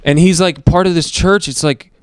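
A young adult man in a casual podcast chat, telling animated stories full of swearing and filler words. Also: high voice, normal speed, a crowd in the background. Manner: animated storytelling, heavy swearing, many fillers.

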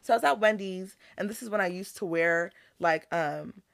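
A young woman from Houston with a Houston accent, co-hosting a podcast and telling stories in a lively, swearing, casual way. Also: fairly low pitch, normal speed, vocal fry, no room sound. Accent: Houston, Texas. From Houston, Texas. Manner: animated, swears freely, mimics people in her stories. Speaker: podcast co-host. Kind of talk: casual storytelling chat.

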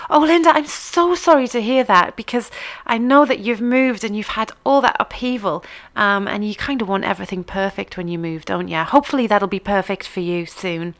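A woman's voice: mid-range voice, normal speed, fairly bright tone. Female radio host, chatty and playful with listeners. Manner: chatty, giggly, teasing. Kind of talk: live radio chat reading listener messages.

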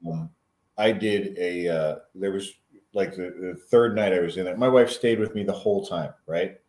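Male podcast co-host; very low voice, hesitant reflective delivery, echoey room. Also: a little mellow. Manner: halting, reflective, frequent restarts and throat clearing. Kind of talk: casual chat.

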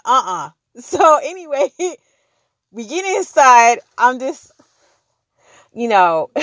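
Animated woman telling a story. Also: on the high side, dry recording. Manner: animated, acts out dialogue, laughs often. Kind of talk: casual storytelling.

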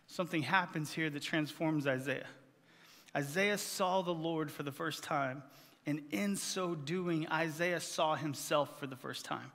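A man with a notably high-pitched voice preaches a sermon to his congregation, driving points home by repeating phrases. His voice rings out with a long reverb trailing behind it, as in a large church hall. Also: a little slow, a bit bright. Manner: emphatic, repeats phrases for effect. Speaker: pastor.

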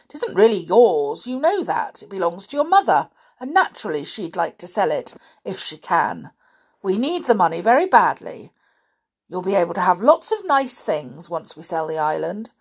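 A woman voicing a stern middle-aged father who talks in a brisk, lecturing way. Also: lowish voice, big pitch swings, creaky, breathy edge, exaggerated voice. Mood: brusque.

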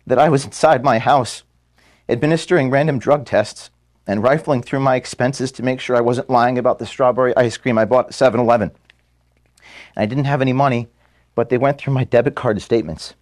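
A man giving a farewell address to his staff, filmed in an office room. He is close to tears and halting, and he stops to apologize as he speaks. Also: mid-range voice. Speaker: organization founder giving a farewell speech to staff.

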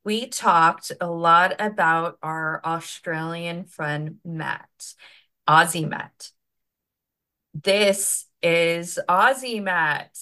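A woman's voice: on the low side, drawn-out words, bright, forceful tone, smooth. A woman hosting a podcast, chatting in an upbeat, casual way with her guest. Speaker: podcast host.

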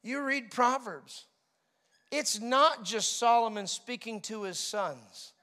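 A very high-pitched man preaching with a bright, forceful tone. He talks in an animated, jokey way and jumps into loud, acted-out outbursts. It is a sermon delivered to a congregation. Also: slow. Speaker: pastor.

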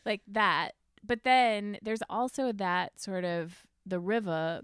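Smooth-voiced woman guest, laughing. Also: mid-range voice, takes it slowly, dry recording, studio quality. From Virginia, USA. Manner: laughing, animated storytelling. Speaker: guest, TV writer. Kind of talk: casual chat.

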